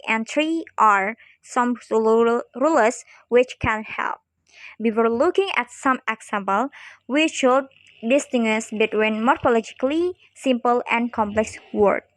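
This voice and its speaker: A woman's voice: fairly high pitch, no room sound. Young woman reading a phonetics lesson aloud. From Indonesia. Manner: careful, halting reading with small slips. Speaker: student presenter.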